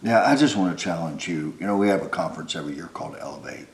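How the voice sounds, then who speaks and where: A man's voice: low voice, rapid-fire. A middle-aged male pastor preaching from a church stage, mixing joking asides with earnest challenges to the congregation. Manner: wisecracking, then earnest exhortation. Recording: echoey church hall.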